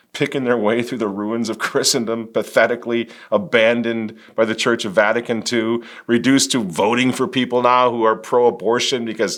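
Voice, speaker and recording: A man's voice: fairly low pitch, a bit bright. A man hosting a religious political commentary, talking emphatically with biting sarcasm and wry laughs. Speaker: host.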